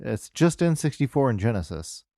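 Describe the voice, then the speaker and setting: Measured, hesitant podcast co-host man. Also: medium pitch, very animated, warm tone, no room sound, clean studio sound. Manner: measured, hesitant, with many fillers. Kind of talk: casual chat about video game news.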